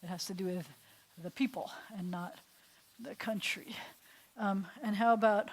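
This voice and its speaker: A woman's voice: medium pitch, fairly even intonation, normal speed. A woman, a rabbi teaching a small class in a classroom, chatty and step by step, often putting questions to her students. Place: classroom with a small group seated.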